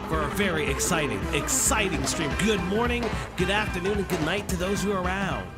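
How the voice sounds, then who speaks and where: Over loud music, a man with a high voice talks briskly and hardly pauses. He's a livestream commentary host in his home streaming room, using a desk microphone to greet chat playfully in a sing-song way and wander off into asides.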